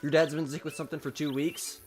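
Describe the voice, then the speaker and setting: A man's voice: on the high side, flat delivery, fast talker, faint music behind. Casual young man streaming with a cough. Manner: casual, chatty, reads and answers chat. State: sick with a cough. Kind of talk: live gaming stream chat.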